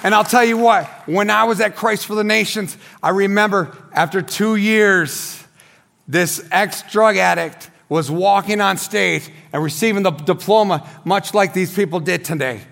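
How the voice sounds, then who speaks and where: A man in his forties, a pastor giving his testimony as a sermon on a church stage, telling his story with excitement and shouting at the high points. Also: measured pace, gravelly. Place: church stage before a congregation.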